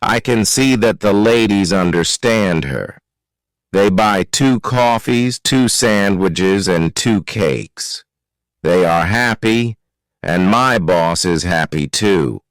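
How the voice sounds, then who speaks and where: Slow, clear male story narrator. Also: lowish voice, no room sound, low-quality recording. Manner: slow, careful, clearly articulated reading. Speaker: narrator of a graded reader. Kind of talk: slow scripted narration for learners.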